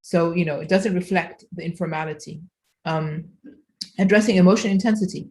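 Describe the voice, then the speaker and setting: A woman's voice: on the low side, fairly quick, darkish tone. A woman from Egypt, giving a conference keynote lecture, explaining with frequent fillers and self-corrections. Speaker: keynote speaker.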